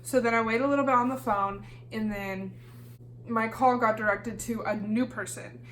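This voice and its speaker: A young woman from Kansas telling a storytime vlog in a lively, casual way, swearing freely and acting out the dialogue. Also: a little high, normal speed, a little hiss or hum. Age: young adult. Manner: animated, swears freely, acts out quoted dialogue. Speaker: YouTuber.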